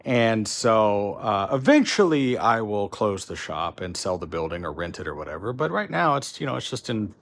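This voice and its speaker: A man's voice: on the low side, big pitch swings, moderate pace, few pauses, a bit bright. A man giving a casual, rambling tour of his large warehouse workshop, sounding frustrated and often restarting his sentences. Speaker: shop owner giving a tour. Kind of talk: casual vlog walkthrough.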